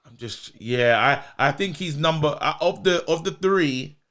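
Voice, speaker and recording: A man, co-hosting a podcast in animated, slangy casual chat. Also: fairly high pitch, unhurried. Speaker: podcast co-host.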